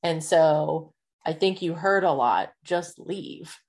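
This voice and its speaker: A woman's voice: low voice, slow pace, darkish tone. A woman co-hosting a casual chat, asking questions hesitantly and restarting them. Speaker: podcast co-host.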